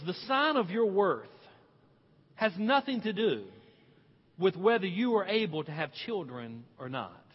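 A man preaching a sermon as pastor, animated and emphatic, slowing down to stress key words. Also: high-pitched, husky. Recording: dull sound, long hall reverb.

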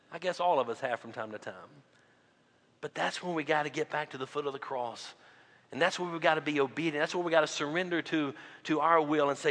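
A male pastor preaching a sermon, swinging between loud emphatic lines and quiet low drops. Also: long reverb tail.

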